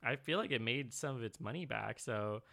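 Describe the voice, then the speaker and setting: A man's voice: medium pitch, normal speed, creaky, sharp tone. A man co-hosting a casual movie chat, swearing freely and laughing often. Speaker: podcast co-host.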